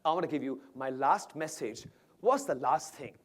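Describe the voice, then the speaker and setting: A man's voice: medium pitch, animated, normal speed. A man giving a motivational keynote on stage, telling a story dramatically and pulling the audience in with questions. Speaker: motivational speaker. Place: stage at an awards event.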